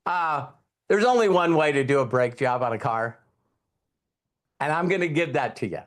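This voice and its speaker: Delivering a lively motivational session, a fifty-something network marketing trainer drills key lines through repetition and tests his listeners with questions. He speaks at a moderate pace in a voice on the high side.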